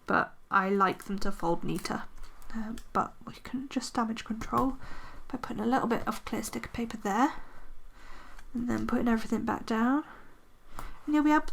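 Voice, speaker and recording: A planner vlogger's voice comes across a little high and creaky yet fairly bright. She decorates her planner while chatting casually, rambling with fillers and making self-deprecating remarks.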